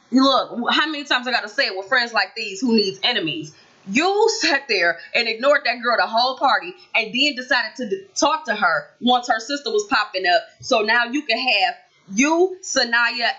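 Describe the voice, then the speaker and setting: Sassy, bright-voiced woman vlogger. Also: a little high, lo-fi sound. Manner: animated, sassy, talks straight to viewers. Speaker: reality TV recap vlogger. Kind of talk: casual opinionated recap.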